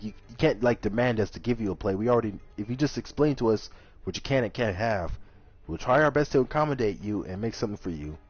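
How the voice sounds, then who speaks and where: A man's voice: mid-range voice, a little mellow, slightly rough. Exasperated man rambling through a story. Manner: rambling, exasperated retelling with acted-out quotes. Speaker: kitchen server at a center. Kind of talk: casual storytime monologue. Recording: dull lo-fi audio with faint music.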